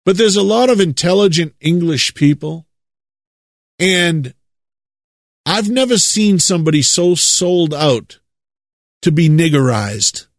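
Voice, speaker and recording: A man from the United States preaching a monologue, leaning hard on drawn-out stresses and repeating words for effect. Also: a little high, expressive, no room sound, studio quality.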